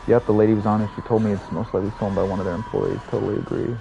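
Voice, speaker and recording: Low, mellow-voiced man rambling profanely. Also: little pitch movement, rapid-fire. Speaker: streamer. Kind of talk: casual chat while streaming a game. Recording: slightly muffled audio, faint room hum.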